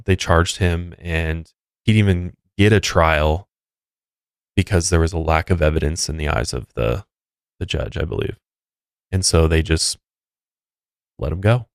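Smooth deep-voiced man chatting. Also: unhurried, long pauses, no echo, clean studio sound. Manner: conversational, with frequent restarts and asides. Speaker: podcast co-host. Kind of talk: casual true crime chat.

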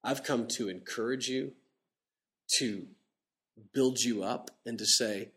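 Animated conversational man preaching. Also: medium pitch. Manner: animated, conversational preaching with slowed emphatic scripture reading. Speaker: pastor. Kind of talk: sermon. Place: church.

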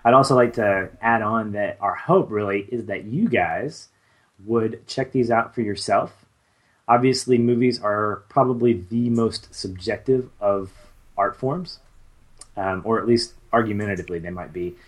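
Rambling low-voiced man co-hosting. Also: unhurried. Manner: rambling, with many fillers and restarts. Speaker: podcast co-host. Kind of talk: casual chat.

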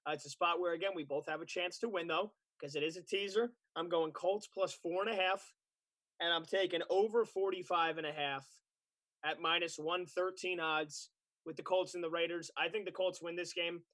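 Chatty betting pod guy, slightly high voice, dry sound. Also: steady tone, moderate pace, fairly bright tone, no room sound. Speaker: sports betting podcast co-host. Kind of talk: casual sports betting chat.

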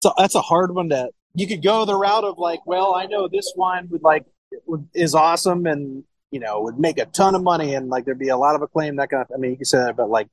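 A man's voice: fairly high pitch, fairly quick, a little hiss or hum, low-quality recording. A man in his thirties from Ohio, a sommelier talking in a loose, rambling way in a podcast interview, often swearing and repeating words. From Cincinnati, Ohio. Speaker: sommelier and wine shop owner.

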